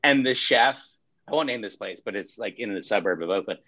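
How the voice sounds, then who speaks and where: Deep-voiced laid-back man. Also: lively intonation, a little fast, sharp tone, no room sound, muffled recording. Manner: laid-back, swears freely, acts out quotes. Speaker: pizzeria owner. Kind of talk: casual storytelling chat.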